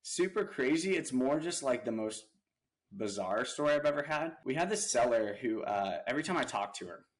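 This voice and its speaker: A man's voice: medium pitch, animated, moderate pace, low-quality recording. A young adult man casually telling an anecdote as a podcast guest, rambling with lots of "like" fillers. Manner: rambling, heavy use of "like" fillers. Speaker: podcast guest, real estate investor.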